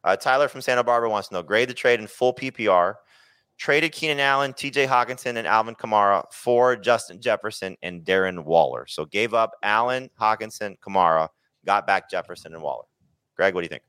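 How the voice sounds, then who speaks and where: A low-voiced man hosts a podcast, reading out listener questions and calling on each panelist. His tone is bright and forceful. The sound is close and dry. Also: brisk, clean tone, dry recording. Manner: reads listener questions, then asks panelists. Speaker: podcast host. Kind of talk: casual podcast hosting.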